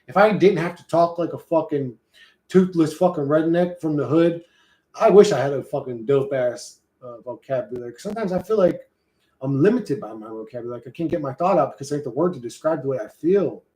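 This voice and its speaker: A man with a fairly high, dark-toned voice talks a little fast while livestreaming, reading and answering his chat. His casual banter with viewers rambles and is full of profanity and slang. The recording has a roomy echo.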